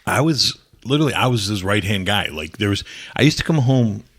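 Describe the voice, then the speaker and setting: A low-pitched man from New England recounts his old wrestling days as a podcast guest. He rambles through blunt, profane anecdotes, jumping into other people's lines as he goes. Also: lively intonation, fairly quick, fairly bright tone, husky. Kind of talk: casual storytelling interview.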